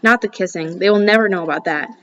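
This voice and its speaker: A woman's voice: fairly low pitch, fast, fairly bright tone, slight background noise. Woman reading a novel aloud, lo-fi. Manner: casual, breaks off for asides. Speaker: audiobook reader. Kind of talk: first-person novel narration.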